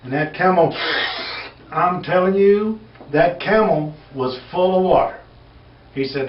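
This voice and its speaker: A man's voice: fairly high pitch, slow pace, long pauses. Rambling drawling Texas man telling jokes. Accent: West Texas. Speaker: comedian. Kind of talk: folksy joke telling. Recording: echoey, distant, dull lo-fi recording with faint hiss.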